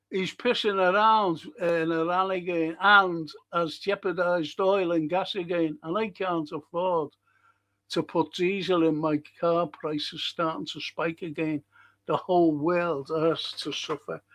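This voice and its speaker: A man's voice: high voice, measured pace, fairly bright tone. A man hosting a live-streamed local history show, chatting casually with viewers, rambling and swearing freely.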